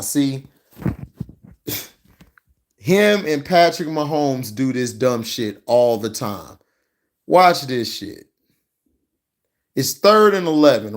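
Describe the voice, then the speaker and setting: A man ranting and reacting to football footage in a heated, profane, mocking way. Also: medium pitch. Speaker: sports commentary vlogger.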